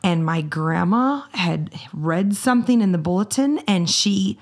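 A woman's voice: lowish voice, unhurried. A woman in her forties co-hosting a podcast, telling family stories in a casual chat and laughing easily. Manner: laughs easily, lively retelling. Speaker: podcast co-host.

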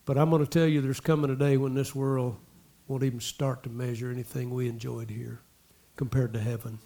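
A man preaching a sermon, talking to the congregation in asides and repeating lines as he builds to loud exhortation. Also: medium pitch, little pitch movement, brisk, gravelly. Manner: impassioned, repetitive preaching that swells to loud exhortation. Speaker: pastor.

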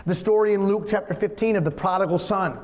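A man's voice: sits high, fast, darkish tone. A man preaching a sermon in an earnest, conversational, storytelling manner. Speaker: pastor. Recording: long reverb of a large hall.

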